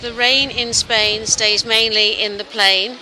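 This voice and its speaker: Brief: woman from Derbyshire, very bright voice, cheerful reading. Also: a little high, steady tone, slow, a little hiss or hum, rough recording. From Derbyshire, England. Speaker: interviewee. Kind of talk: reading test phrases. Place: outdoor market.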